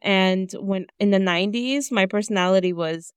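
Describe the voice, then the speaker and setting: A woman in her thirties, sarcastic and animated, recaps a film on a casual podcast and acts out the characters as she goes. Her voice is smooth and clear, recorded close and dry. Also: mid-range voice, normal speed, no echo. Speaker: podcast co-host.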